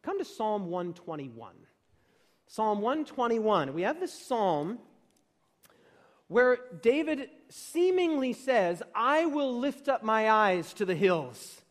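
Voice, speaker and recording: High-voiced preacher in a reverberant hall. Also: male voice, very animated, slow pace. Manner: dynamic preaching, swings from quiet to emphatic. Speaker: pastor. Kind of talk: sermon. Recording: long reverb of a large room.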